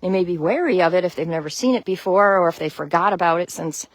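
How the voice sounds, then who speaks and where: A woman's voice: on the low side, fast talker, dry recording. Chatty Connecticut woman streaming from her chicken run. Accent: Connecticut (American). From Connecticut, USA. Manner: chatty, greets viewers by name, laughs often. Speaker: backyard chicken keeper, livestream host. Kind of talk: casual live stream chat. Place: outdoor chicken run in snow.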